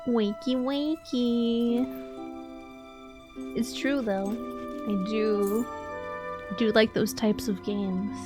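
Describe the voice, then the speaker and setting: A woman's voice: medium pitch, fairly even intonation, slow, music in the background. A young woman streaming a game live, chatting casually, laughing often and answering her chat.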